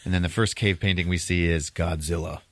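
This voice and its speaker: A man's voice: low-pitched, steady tone, a little fast, fairly bright tone, no echo. A man hosting a podcast who recaps a movie in casual chat, laughing often and acting out quotes from the film. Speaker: podcast host.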